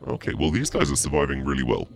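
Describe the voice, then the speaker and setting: A man commenting on his gameplay through a voice changer that makes his voice deep and gravelly, swearing and grumbling as he plays. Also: very animated, fast, slight background noise. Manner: swearing, frustrated, joking. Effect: voice changer pitching voice down. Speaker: gameplay streamer.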